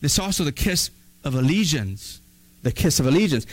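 A male pastor preaching a sermon in an animated, conversational way with playful asides. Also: on the high side, fast, poor audio.

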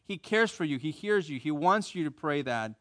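Animated American preacher, slightly high voice. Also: male voice, normal speed. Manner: animated, repeats phrases for emphasis; leads call-and-response with the congregation. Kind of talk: sermon.

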